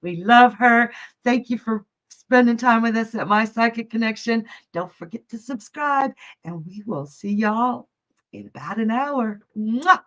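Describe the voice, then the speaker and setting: A woman's voice: on the high side, expressive, measured pace, fairly bright tone. A woman hosting a live psychic reading stream, talking in a chatty, folksy way and calling viewers honey and love. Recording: dull lo-fi stream audio.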